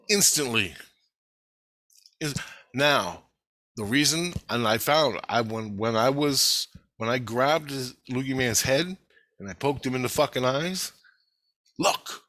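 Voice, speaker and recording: A man's voice: mid-range voice, sharp tone, dry recording. A man in a casual monologue video who rambles through a story and swears constantly.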